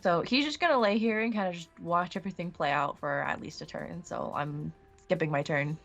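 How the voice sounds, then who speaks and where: A woman's voice: on the low side, fairly quick, a bit bright, faint music behind. A woman playing a tabletop game, deliberating aloud in a hesitant way about what her character should do. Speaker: player. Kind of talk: casual tabletop play.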